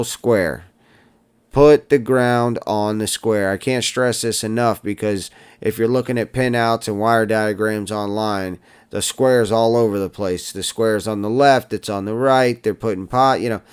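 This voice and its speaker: A man's voice: lowish voice, smooth. A man hosting a casual drone-building tutorial, chatting to viewers and muttering to himself as he solders.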